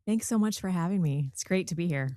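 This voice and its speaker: A woman in her forties, from the American South, chats as a podcast guest in a slightly low voice. She tells her story freely and laughs easily. The recording is dry and close. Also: lively intonation, quick pace, no room sound. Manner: chatty, warm storytelling with laughs. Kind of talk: casual interview chat.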